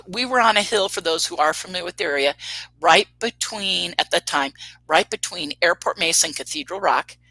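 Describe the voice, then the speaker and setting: A woman on a radio talk show tells her story with a bright, forceful tone. She recounts events with energy, voices the other people in the story, and laughs as she goes. The sound is close and dry, with no room around it. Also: lowish voice, no echo, poor audio. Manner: animated storyteller, acts out quotes, laughs often. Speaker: UFO tour guide telling sightings.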